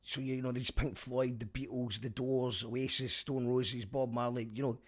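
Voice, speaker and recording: A man's voice: medium pitch, little pitch movement, moderate pace. A young Scottish man hosting a podcast, giving a chatty spoken review with wry asides. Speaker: podcast host.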